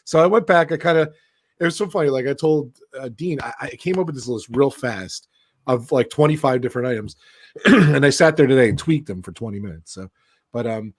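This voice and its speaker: A man joining a casual live-stream panel, chatty and animated, laughing as he tells how he picked his list. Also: medium pitch, no echo, studio quality. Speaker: guest panelist.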